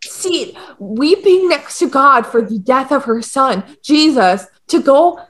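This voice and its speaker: A young woman with a high voice explains a classic poem in quick, slangy, joking chatter. She is casual and irreverent, and she tends to speed up. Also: animated, fairly bright tone. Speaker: co-host.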